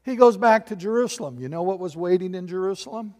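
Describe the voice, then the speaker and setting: A man preaching a sermon as pastor, animated, acting out little voices and asking the congregation questions. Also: high voice, fast, in a large hall.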